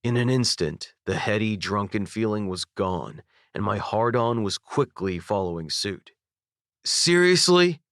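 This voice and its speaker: A young man narrating a first-person audiobook with intimate, expressive storytelling. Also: lowish voice, unhurried, hardly any pauses, no echo, clean studio sound. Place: dry recording booth. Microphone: studio microphone.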